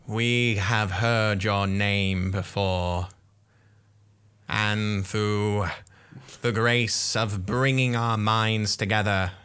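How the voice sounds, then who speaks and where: A man's voice: on the low side, fairly bright tone, smooth. A man voicing a solemn swarm-voiced Rat King. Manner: slow, solemn, formal pronouncements.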